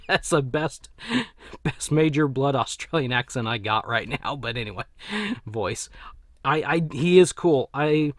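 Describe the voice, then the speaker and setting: A man chats his way through a toy review at an easy, middle pitch, correcting himself and trailing off as he goes. His voice comes through dry and close, with no room sound around it. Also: a little slow, no echo. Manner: rambling, self-correcting, chuckles to himself. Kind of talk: casual action figure review.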